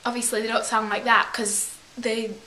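A young woman vlogger tells rambling, chatty stories in a put-on English accent for a casual storytelling vlog, often correcting herself as she goes. Her voice is a little high and sharp, level in tone, at a moderate pace. The room is echoey with faint hiss.

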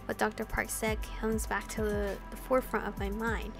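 A woman's voice: medium pitch, little pitch movement, moderate pace, music in the background. A woman playing through a visual novel, reading the narration aloud with feeling and adding giggly remarks. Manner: emotional reading with giggly asides. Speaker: video game player reading aloud. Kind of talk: visual novel let's play with commentary.

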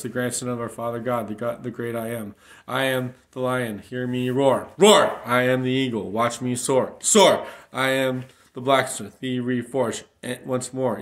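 A man's voice: medium pitch, a little mellow. A man reciting rhymed spoken-word rap for a demo, preachy and rhythmic, with stumbles and restarts. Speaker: rapper recording a demo.

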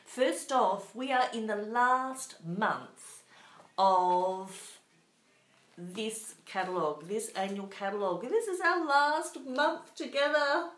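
A woman's voice: a little high, slow, fairly bright tone. A woman with an Australian accent hosting a live craft show from her home craft room, bubbly and chatty as she greets viewers by name. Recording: echoey room.

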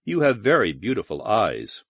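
A man's voice: fairly low pitch, wildly swooping pitch, normal speed, gravelly, a bit bright, slightly rough, no echo, studio quality, exaggerated voice. A man voicing a jaded, sardonic male spacer who talks in a mocking, sullen way in an audiobook. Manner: mocking, sullen, then brooding and dramatic. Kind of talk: audiobook character reading.

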